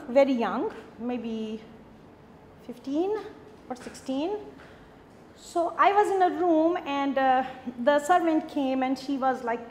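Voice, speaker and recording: A middle-aged woman from Pakistan with a Pakistani accent, a professor giving an animated lecture with emphatic repetition. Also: high-pitched, a little hiss or hum. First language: Punjabi and Urdu. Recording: echoey lecture hall, faint ambience.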